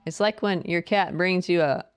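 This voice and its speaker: A woman live-streams a game, chatting casually and playfully with her viewers and greeting them in a high, sing-song voice. She talks at normal speed, and her voice is smooth.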